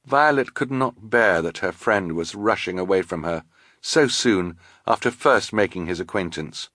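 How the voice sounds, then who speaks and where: A man reading a children's novel aloud in a measured storytelling manner. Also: low-pitched, lively intonation, a bit bright, no echo, studio quality. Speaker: audiobook narrator. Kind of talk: scripted narration.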